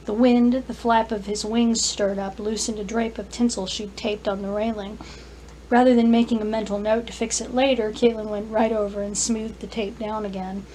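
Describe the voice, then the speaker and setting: A woman author reading her own fantasy story aloud, careful and clear, with small restarts. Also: medium pitch, little pitch movement, moderate pace, mellow, slight background noise, low-quality recording. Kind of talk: scripted narration, story reading.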